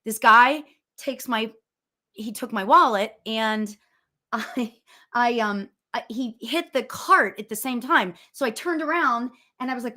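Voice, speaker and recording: A woman speaks in a loud, booming voice and races through her words. Her tone is bright and forceful, sitting a little high. She chats casually as host of a spiritual talk show. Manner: loud, fast, storytelling with laughs. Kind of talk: casual chat.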